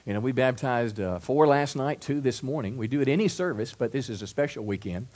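Man, pastor, middle-aged, sermon, medium pitch, repeats and restarts words, soft asides and loud build-ups. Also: animated, brisk. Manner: repeats words and restarts, acts out quoted voices.

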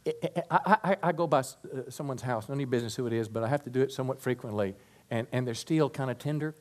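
Male pastor, animated sermon delivery, mid-range voice, church setting. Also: mid-range voice, quick pace. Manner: animated preaching, dropping to soft prayer.

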